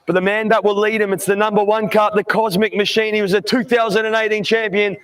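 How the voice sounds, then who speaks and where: A man's voice: high voice, flat delivery, fast talker, a bit bright. A man interviewing young drivers on the grid at a night kart race, upbeat and chummy. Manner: upbeat, chummy, calls everyone mate. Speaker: grid announcer.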